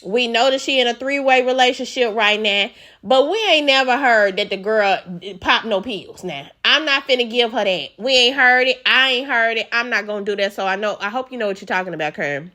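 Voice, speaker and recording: Sassy, bright-voiced woman vlogger. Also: a little high, brisk. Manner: sassy, outspoken and profane. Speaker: reality TV recap vlogger. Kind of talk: casual recap commentary.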